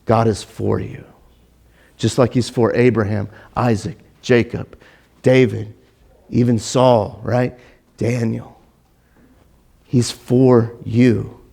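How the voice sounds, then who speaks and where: A man's voice: mid-range voice, little pitch movement, slow, gravelly, long pauses, dark tone, breathy edge. A man preaching a casual sermon as pastor, chatty and joking, with frequent restarts and fillers. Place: church.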